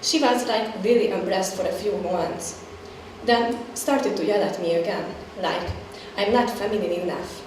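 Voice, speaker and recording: A woman shares a personal story from a stage in a candid, conversational manner. Her voice sits at a middle pitch. It is picked up from far off in a very echoey hall, with a little background noise. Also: normal speed. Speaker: performer sharing a personal story. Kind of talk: scripted stage testimony. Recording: echoey hall, distant mic, faint noise.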